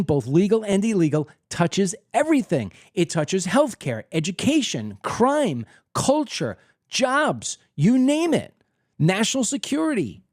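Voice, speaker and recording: Heated guy host doing a monologue at his desk, dry close sound, jumps all over in pitch. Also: darkish tone, no room sound. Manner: emphatic, heated, acts out other people's reactions. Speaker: political commentary host. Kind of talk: opinionated monologue.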